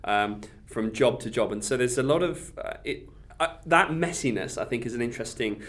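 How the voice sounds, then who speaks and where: A man's voice: medium pitch, lively intonation, moderate pace, fairly bright tone. Hesitant, thoughtful man discussing film. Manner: thoughtful, hesitant, many fillers and trailing phrases. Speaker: podcast co-host.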